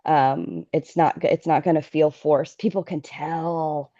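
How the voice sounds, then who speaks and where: A woman speaking as a brand strategist guest in a casual interview. She talks haltingly and repeats words while she thinks. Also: deep voice, steady tone, mellow. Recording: dull lo-fi audio.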